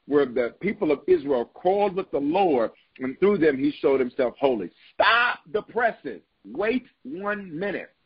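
A man's voice: on the high side, slightly rough, dull audio. A man preaching a sermon as bishop, reading scripture aloud and repeating phrases for emphasis with call-and-response.

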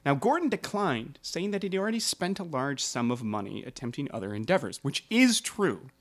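A man's voice: a little high, big pitch swings, normal speed. A man hosting a casual podcast, telling a history story with jokes and asides.

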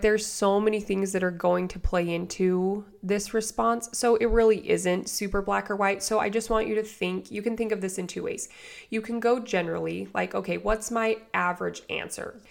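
A woman with a hoarse voice from a cold, hosting a podcast as a life coach and chatting straight to her listeners. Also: medium pitch. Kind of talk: casual solo podcast talk.

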